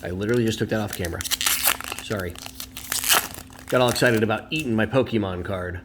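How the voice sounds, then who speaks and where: A card collector hosts a casual card-opening video from home, his voice on the low side and brisk over heavy background noise. He's chatty and opinionated, drifting into rambling asides.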